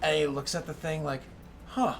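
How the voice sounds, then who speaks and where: A man narrating as game master in a tabletop game, animated and full of fillers. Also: medium pitch, normal speed, a little hiss or hum.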